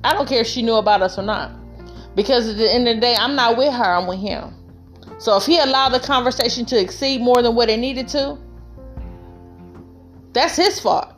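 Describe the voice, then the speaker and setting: A woman speaking to the camera in an emphatic, storytelling way, her voice pitched somewhat high. She addresses other women directly with heartfelt, plain-spoken advice. Faint music runs quietly behind her. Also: normal speed, pauses often. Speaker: vlogger giving relationship advice. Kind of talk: casual heartfelt monologue.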